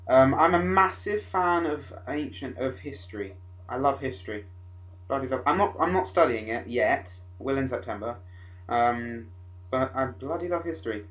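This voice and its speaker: A teenage man rambles through a casual vlog in a middle-pitched voice, excitable and prone to sudden shouted outbursts. Faint music plays behind him. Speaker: vlogger.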